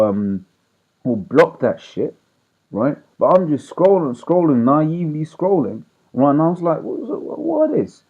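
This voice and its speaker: Street preacher on a tinny line. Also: male voice, a little high. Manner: reads verses aloud, then explains in slang; checks in with "right?" after nearly every point. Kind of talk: informal scripture teaching. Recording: tinny phone-like audio.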